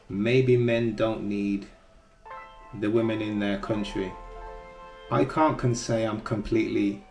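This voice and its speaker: A low-pitched man with a gravelly edge talks through his views in an earnest, advising way. His voice rings in a roomy space, with faint music underneath. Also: darkish tone. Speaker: commentary host. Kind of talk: reaction commentary.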